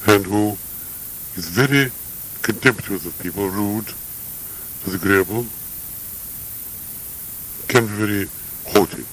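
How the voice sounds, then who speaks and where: An older man in a reflective interview, speaking in a measured, halting way with frequent pauses and fillers. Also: fairly low pitch, fairly bright tone, a little hiss or hum, low-quality recording. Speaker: interviewee, academic.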